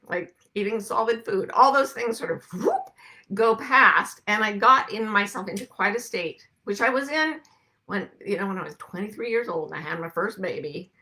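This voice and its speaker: Bright-voiced woman hosting a live chat. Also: mid-range voice. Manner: chatty, warm greetings, frequent laughs. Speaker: host. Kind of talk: casual chat. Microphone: video call webcam.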